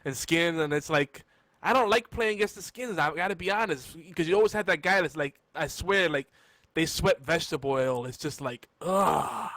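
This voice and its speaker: A man co-hosting a casual podcast, with a fairly high voice. He trades crude jokes in a relaxed, bantering way. The sound is close and dry. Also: brisk, dry recording. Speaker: podcast co-host. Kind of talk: casual comedic podcast chat.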